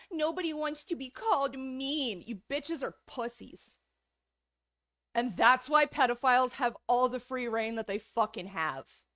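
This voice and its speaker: A woman's voice: high voice, fairly bright tone, no echo, clean studio sound. A woman streamer in a heated, profanity-filled rant, angry throughout. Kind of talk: livestream rant.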